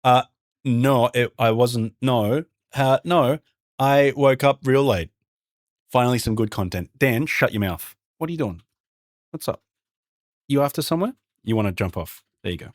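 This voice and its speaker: An Australian man from Brisbane, a variety streamer and game developer, chatting casually with his viewers and greeting them by name. He often keeps his voice hushed so the game won't hear him. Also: medium pitch, expressive, measured pace, long pauses, dry recording, studio quality. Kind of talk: casual livestream chat with viewers.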